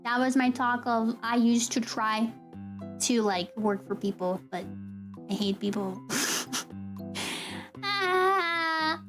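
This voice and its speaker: A young woman streamer chatting casually with her viewers, telling an animated, ranting story and laughing often. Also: on the high side, slow, pauses often, faint music behind. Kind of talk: casual live-stream chat.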